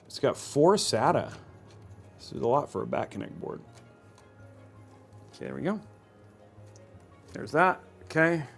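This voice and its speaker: A man hosting a livestream, chatting casually and thinking aloud while building a computer. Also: mid-range voice. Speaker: host.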